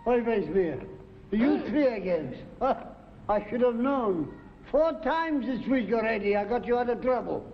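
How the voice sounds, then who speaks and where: An actor playing a fussy, world-weary middle-aged leprechaun lawyer who grumbles wryly, on a dull 1970s TV recording. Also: male voice, extremely high pitch, lively intonation, a little slow, full character voice. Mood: grumbling. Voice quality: wry, grumbling, kvetching. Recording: dull 1970s TV sound with faint noise.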